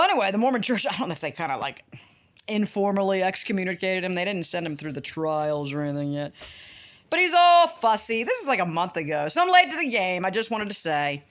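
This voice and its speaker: A middle-aged woman from the United States ranting casually to camera, swearing freely. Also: medium pitch. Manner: animated, swearing, talks to her dogs in between. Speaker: vlogger.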